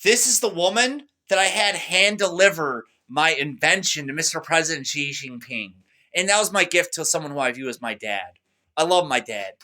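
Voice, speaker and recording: Young guy ranting to his camera, bright forceful voice a bit high, hypes himself up then drops low. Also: normal speed. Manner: excitable, boastful, swings loud and soft. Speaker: vlogger. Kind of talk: rambling monologue to camera.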